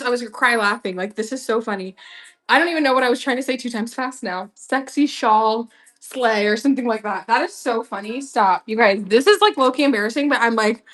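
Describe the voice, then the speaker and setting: A woman's voice: a little high, a bit bright. Bubbly young woman selling clothes live. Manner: bubbly, chatty, giggly, slangy. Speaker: live-stream clothing seller. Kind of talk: casual live-sale chat.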